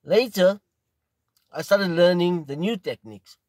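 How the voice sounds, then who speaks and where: A middle-aged South African man tells a story in an easy, meandering way, often circling back over his own phrases. His voice sits a little high for a man. The recording is close and dry. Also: lively intonation, a little mellow, no room sound. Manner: rambling, unhurried, repeats phrases. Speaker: pipe smoking video host. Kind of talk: casual storytelling.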